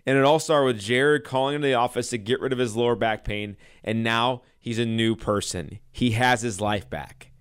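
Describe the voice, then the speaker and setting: A man's voice: mid-range voice, fairly even intonation, fairly quick, hardly any pauses, smooth. A man in his thirties, a chiropractor hosting a radio show, talking to listeners in an earnest, exhorting way with many repeats. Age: 30s. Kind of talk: impassioned radio talk.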